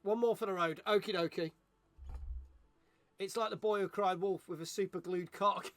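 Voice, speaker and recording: Man, high and bright, joking stream host who reads chat aloud. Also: steady tone, moderate pace. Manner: joking, chatty, reads viewer messages aloud. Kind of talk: casual live-stream chat.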